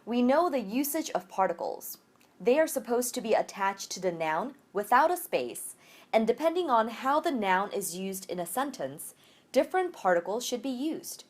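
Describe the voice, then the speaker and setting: A woman language teacher giving a recorded virtual lecture, explaining grammar clearly and methodically. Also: a little high, big pitch swings, moderate pace.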